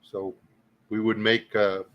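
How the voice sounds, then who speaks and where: A man's voice: lowish voice, little pitch movement, slow pace, fairly bright tone, muffled recording. A middle-aged man from Louisiana with a Southern accent, hosting a casual chat and telling rambling, folksy stories with frequent laughter. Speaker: host.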